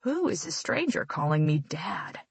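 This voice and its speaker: A woman voicing a protective, loving middle-aged father who speaks gently but firmly. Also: low-pitched, big pitch swings, unhurried, gravelly, slightly rough, no echo, full character voice.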